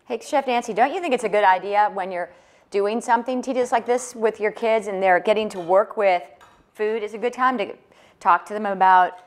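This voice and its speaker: A woman's voice: medium pitch, brisk. A woman from Chicago co-hosting a cooking show, upbeat and full of questions. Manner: upbeat, asks lots of questions. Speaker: co-host.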